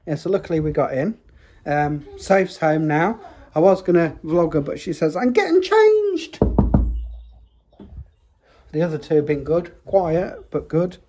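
A man's voice: fairly high pitch, fairly even intonation, normal speed, dark tone, a little hiss or hum. A man vlogging chattily at home on a handheld phone, joking and rambling. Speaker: family vlogger. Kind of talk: casual chat to camera. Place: family home, kitchen.

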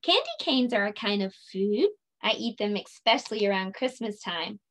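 A woman leading a children's circle time lesson, speaking in a slow, sing-song, encouraging way and stretching her words out. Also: mid-range voice. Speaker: preschool teacher.

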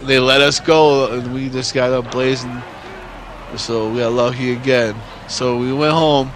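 A man's voice: mid-range voice, fairly even intonation, unhurried, background noise. A man in his forties from New York State telling a story casually, rambling and swearing constantly. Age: 40s.

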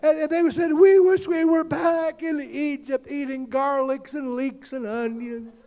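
A man preaching a fervent sermon as pastor, shouting and calling out to the congregation. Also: very high-pitched, steady tone, measured pace.

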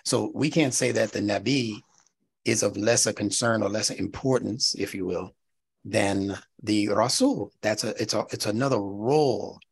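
A middle-aged man teaching a lecture class, animated and teacherly, checking his listeners with "right?" and rising to emphatic peaks. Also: fairly low pitch, moderate pace, vocal fry, husky. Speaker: instructor.

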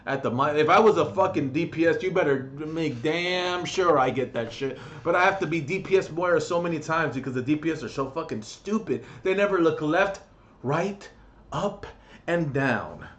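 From his bedroom, a young man rants brashly in a comedic gaming vlog, crude and mocking and swearing constantly. His voice sits on the high side with lively intonation and a slightly bright tone at normal speed, with a faint hiss or hum.

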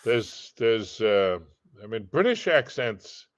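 An older American man, a guest in a casual chat, talking in an unhurried, halting way with many restarts. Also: fairly low pitch, sing-song, no echo, lo-fi sound.

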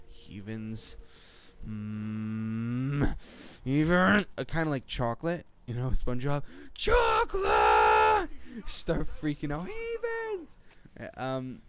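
A man's voice: mid-range voice, slight background noise. A teenage boy giving rambling, jokey gameplay commentary late at night, swearing and jumping between topics. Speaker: gaming commentator.

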